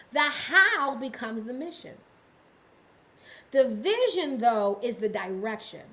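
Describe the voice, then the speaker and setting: A woman's voice: fairly high pitch, sing-song, takes it slowly, pauses often, sharp tone, low-quality recording. A woman teaching a business and ministry lesson on a livestream, repeating key phrases and asking viewers to answer in the chat. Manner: repetitive, call-and-response with the chat. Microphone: livestream setup.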